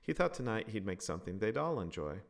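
A man narrating a family story in a lively, expressive reading. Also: lowish voice, quick pace, creaky.

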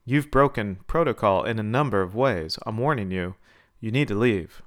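A man's voice: on the low side, lively intonation, moderate pace, a bit bright. Man reading as a cocky woman Marine officer. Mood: defiant. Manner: confident, teasing.

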